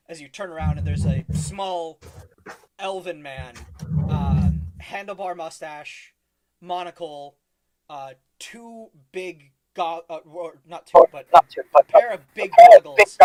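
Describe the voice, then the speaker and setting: Rambling game master man, lively pitch. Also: slow pace. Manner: rambling, many ums and uhs, laughs often. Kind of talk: narrating a tabletop game.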